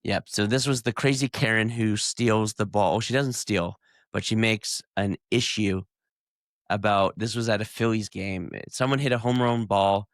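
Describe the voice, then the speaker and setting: A man's voice: on the low side, fairly even intonation, moderate pace, no echo, clean studio sound. A man co-hosting a podcast in laid-back casual chat, retelling clips. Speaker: podcast co-host.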